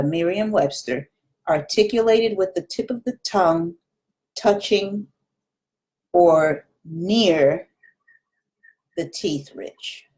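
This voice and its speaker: A woman Spanish teacher giving a recorded lesson, patiently repeating practice words and demonstrating sounds. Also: on the low side.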